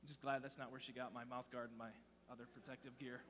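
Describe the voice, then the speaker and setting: A man in his thirties giving a joking, animated youth sermon from a church stage, telling stories and interrupting himself. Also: mid-range voice, fast talker, background noise. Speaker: youth pastor. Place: large church auditorium stage. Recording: long hall reverb.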